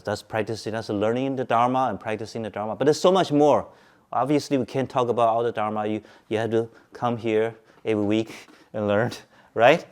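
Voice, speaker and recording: Calm man giving a Dharma talk. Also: fairly low pitch. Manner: calm, repetitive, asks listeners questions. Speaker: Buddhist teacher. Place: Zen meditation centre.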